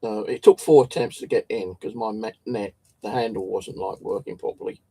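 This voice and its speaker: A man's voice: on the low side, fairly even intonation, normal speed, warm tone, slightly rough. A man telling a story in a casual, rambling way, swearing often and tripping over his words. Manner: swears a lot, restarts and stumbles. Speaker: channel host.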